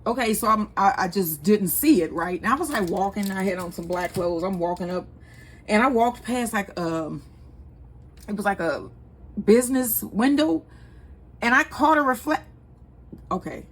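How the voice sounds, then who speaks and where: A woman's voice: mid-range voice, husky. A woman, chatting casually and rambling as she hosts a home cooking vlog. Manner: chatty, rambling, laughs easily. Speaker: cooking channel host.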